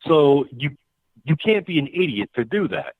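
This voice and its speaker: Lively phone caller, man from new york, tinny line, dry. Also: a little high, normal speed, no echo. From New York City. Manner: opinionated, animated rise and fall. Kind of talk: casual phone chat.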